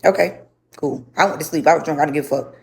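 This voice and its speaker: A woman's voice: deep voice, quick pace, gravelly. A young woman telling her story to a livestream audience, speaking bluntly with lots of swearing and repetition.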